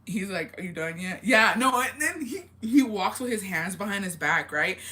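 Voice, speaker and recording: A young woman tells a family story on her vlog in loose, casual chat. Her voice is bright and forceful, and she swears freely and breaks into laughter along the way. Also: mid-range voice, moderate pace. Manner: animated, swears a lot, laughs while telling stories. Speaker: vlogger.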